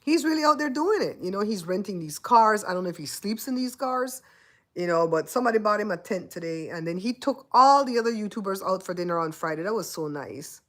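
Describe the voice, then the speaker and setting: A woman's voice: mid-range voice, expressive, fairly quick. A Belizean woman hosting a casual livestream chat, laughing often and teasing her viewers. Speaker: host.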